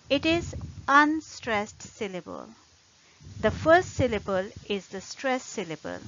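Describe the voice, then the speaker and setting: Slow, careful woman teaching pronunciation. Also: fairly high pitch, fairly bright tone, lo-fi sound, slight background noise. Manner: slow, deliberate, repeats example words carefully. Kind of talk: scripted pronunciation lesson.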